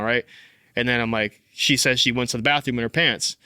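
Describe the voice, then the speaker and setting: A young man hosting a fatherhood podcast, telling a personal story in casual, animated speech full of "like" and "bro.". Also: mid-range voice, fairly quick, clear, resonant tone, no echo, studio quality. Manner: animated, filler-heavy, says "like" and "bro" often. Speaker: podcast host.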